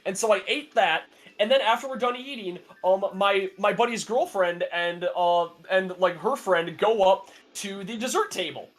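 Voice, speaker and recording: A man's voice: sits high, moderate pace, fairly bright tone. A young man chatting casually on a podcast, telling a long story with many fillers and restarts, sarcastic and laughing often. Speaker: podcast co-host. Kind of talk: casual chat.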